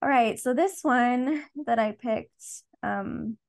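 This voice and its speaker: Woman podcast co-host, unhurried, thoughtful. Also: a little high, creaky. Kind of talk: casual book discussion.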